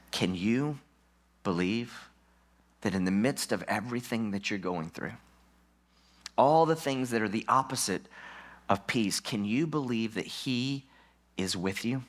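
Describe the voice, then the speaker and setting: A man preaching a sermon in church as a pastor. He speaks emphatically, repeats key lines for effect, and shifts from low, quiet phrases to louder bursts for stress. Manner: emphatic, drops low then rises for stress.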